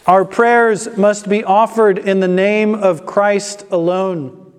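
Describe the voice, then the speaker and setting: Slow, emphatic high-voiced male preacher. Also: steady tone, clear, resonant tone. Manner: emphatic, slow and deliberate preaching with stressed repetitions. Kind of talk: sermon. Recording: long hall reverb.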